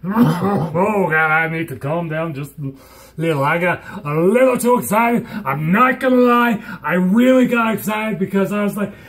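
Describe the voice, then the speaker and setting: A young man talking in a hyper, giddy vlog at home, rambling and bursting into loud silly exclamations. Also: sits high, animated, normal speed. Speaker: vlogger.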